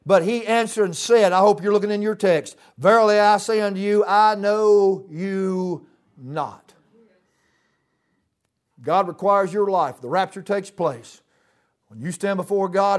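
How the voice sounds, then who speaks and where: A man preaching a sermon in a church, folksy, with dramatic swings from loud to hushed. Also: sits high, a little slow.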